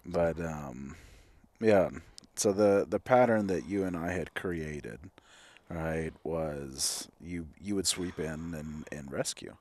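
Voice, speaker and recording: A man's voice: very deep voice, slow pace, a little mellow. A man in his thirties, a counselor hosting a candid conversation, reflective, with many fillers and restarts. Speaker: clinical counselor and host.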